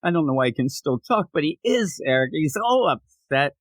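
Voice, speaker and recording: A man's voice: a little high, normal speed, no echo, low-quality recording. A man co-hosting a comic book podcast, chatting casually and joking with lots of laughter. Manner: animated, jokey, laughs often. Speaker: podcast co-host. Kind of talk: casual comic review chat.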